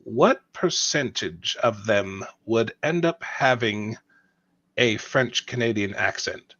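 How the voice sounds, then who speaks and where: A man in casual chat, hesitant and stammering as he restarts his sentences. His voice sits at an ordinary pitch, and the sound is dull and dry, like a lo-fi mic. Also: expressive, slow, fairly bright tone, no room sound. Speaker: voice actor.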